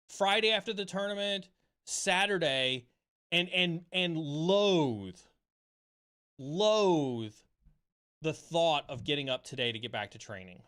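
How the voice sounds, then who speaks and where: A man's voice: fairly high pitch, animated, slow, pauses often, a bit bright, clear, resonant tone. Fired-up man giving a pep talk. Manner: impassioned, swears freely, repeats phrases for emphasis. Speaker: streamer host. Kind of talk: motivational livestream talk. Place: home streaming setup.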